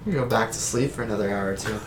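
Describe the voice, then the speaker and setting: A woman's voice: extremely low pitch, quick pace, echoey room, very noisy. A woman player in a tabletop game, making drawling, playful asides. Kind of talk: casual tabletop play.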